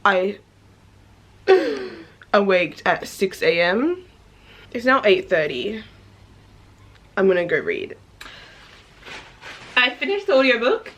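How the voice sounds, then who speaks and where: A woman telling stories in a casual reading vlog, chatty and animated, acting out what people said and laughing often. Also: mid-range voice, slow, long pauses. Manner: chatty storytelling, acts out quotes, laughs often. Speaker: book vlogger.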